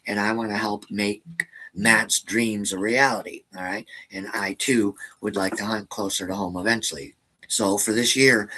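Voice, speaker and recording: A man's voice: lowish voice, bright, forceful tone, husky, poor audio. A man hosting a casual live stream, rambling to viewers and often tagging his sentences with "all right?". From American Midwest. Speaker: channel host.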